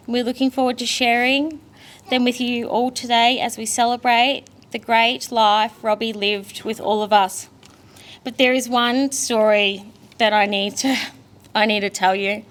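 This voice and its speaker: A woman's voice: a little high, a bit bright. Australian woman giving an emotional eulogy. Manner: emotional, candid, storytelling with laughs. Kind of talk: funeral eulogy.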